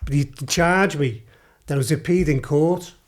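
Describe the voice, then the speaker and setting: This middle-aged man, a podcast guest with a Scouse accent from Liverpool, laughs and curses his way through meandering stories in casual conversation. His voice runs on the high side, at a moderate pace.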